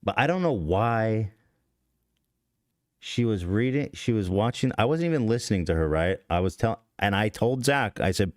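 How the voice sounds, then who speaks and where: Low-voiced guy on a podcast mic, rambling and swearing a lot, dry close sound. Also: lively intonation, normal speed, no echo. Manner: rambling, profane, self-deprecating, many restarts. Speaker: podcast host. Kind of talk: casual confessional podcast talk. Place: podcast studio.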